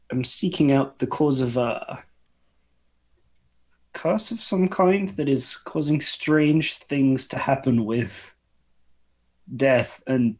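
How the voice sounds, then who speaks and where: Man, slow and husky, in character as a nervous, very polite sorcerer. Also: mid-range voice. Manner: hesitant, overly polite, stammering. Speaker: player.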